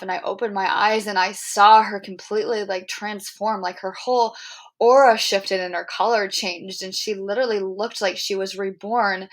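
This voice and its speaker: A young adult woman hosting a podcast, telling a personal story in an earnest, animated way, full of "like" and "um". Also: mid-range voice. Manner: earnest, animated, heavy use of "like" and "um". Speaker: podcast host.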